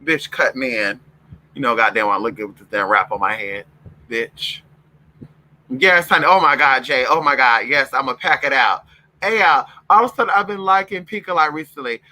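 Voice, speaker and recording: A man's voice: mid-range voice, normal speed, pushed and bright, low-quality recording. A man talking straight to his viewers, telling stories in a sassy, profane way and calling them girl and y'all. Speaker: vlogger. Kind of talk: casual storytelling to viewers.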